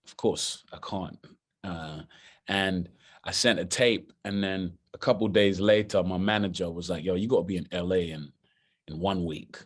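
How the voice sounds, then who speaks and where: A young man with a London accent, an actor telling lively stories in a casual interview. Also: low voice, moderate pace. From Britain. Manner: animated, laughing storyteller. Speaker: actor guest.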